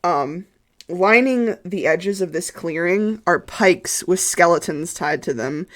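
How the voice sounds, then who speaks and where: A young woman narrating a tabletop game as game master, hesitant and filling pauses with ums. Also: on the low side, animated, a bit bright. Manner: hesitant, full of ums and kinda. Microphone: streaming headset or desk mic.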